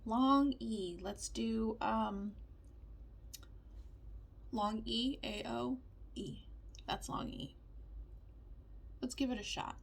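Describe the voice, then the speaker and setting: A woman teaching vowel sounds, reading word lists aloud slowly with calm pauses. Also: a little high, creaky. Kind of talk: slow word-by-word vowel practice.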